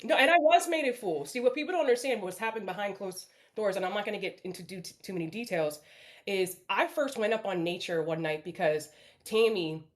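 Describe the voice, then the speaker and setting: On a livestream panel over a video call, a woman guest chats candidly, blunt and apologetic, swearing often. Her medium-pitched voice has lively intonation and runs a little fast.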